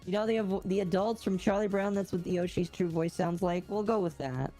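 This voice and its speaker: A woman's voice: fairly low pitch, brisk, dark tone, soft background music. A woman streaming a game and chatting casually, reading and answering chat with playful puns.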